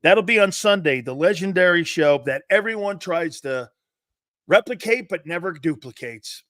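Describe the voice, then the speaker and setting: A man with a slightly high voice hosts a casual sports talk show, agreeing readily and hyping up his partner. His voice sounds dry and close to the mic. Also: expressive, normal speed, fairly bright tone, no room sound. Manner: upbeat, agreeable, hypes up his co-host. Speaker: sports podcast host.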